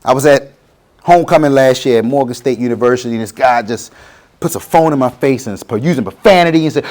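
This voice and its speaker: A man's voice: mid-range voice, fast, darkish tone. A middle-aged man, giving a motivational talk to students and acting out quotes in changing voices. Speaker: guest speaker.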